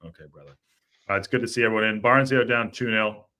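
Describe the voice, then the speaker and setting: A man hosting a live football fan show, chatting casually in a jokey way, with quick apologetic asides. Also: lowish voice, fairly even intonation, pushed and bright. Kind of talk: casual live-stream chat.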